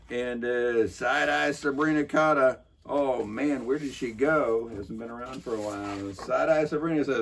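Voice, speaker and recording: A man's voice: mid-range voice, a little slow. A man casually recapping a local council meeting in a sarcastic, rambling way, full of fillers and restarts.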